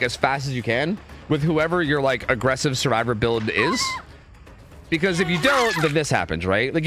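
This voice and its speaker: A man casting game scrims on a live stream in a casual, chatty way, often repeating words in quick bursts. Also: fairly high pitch, a bit bright, a little hiss or hum.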